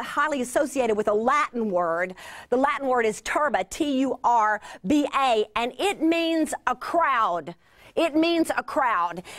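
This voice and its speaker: A woman delivering a Bible teaching to a mostly female audience, earnest with drawn-out emphasis and playful asides. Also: high-pitched, a bit bright. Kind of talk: sermon.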